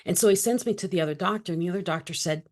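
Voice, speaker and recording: Middle-aged woman guest, slightly low voice, lively storyteller who plays every voice in her tale. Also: very fast. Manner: animated, acts out quoted dialogue. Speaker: interview guest. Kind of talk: personal storytelling.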